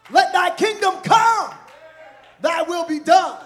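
A man preaching a sermon, shouting and chanting repeated phrases in a live church service. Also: extremely high pitch, very animated, moderate pace. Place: church sanctuary. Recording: live church with music and congregation. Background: organ music and responding crowd.

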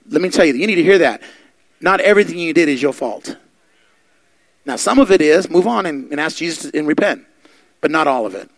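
Gravelly, high-voiced preacher man. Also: dry recording. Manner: fervent, rising to loud exhortation. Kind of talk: sermon.

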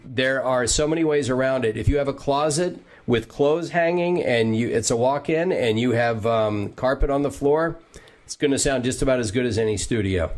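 A man hosting an easy, chatty interview show from a home voice booth. He reads out viewer questions and wanders into asides, talking at a middle pitch. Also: normal speed, darkish tone. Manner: chatty, loose, full of fillers and asides. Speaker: podcast host, voice actor. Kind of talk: casual interview chat, reading viewer questions.

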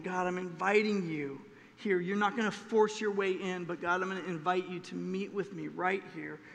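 Male pastor, high-pitched, dramatic sermon delivery with loud-soft swings, long church reverb.

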